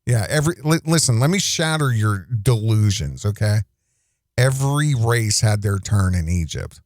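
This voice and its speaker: A man's voice: fairly low pitch, lively intonation, moderate pace, a little mellow, no echo, clean studio sound. A man hosting a casual reaction commentary, rambling and indignant, with many restarts. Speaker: commentary host.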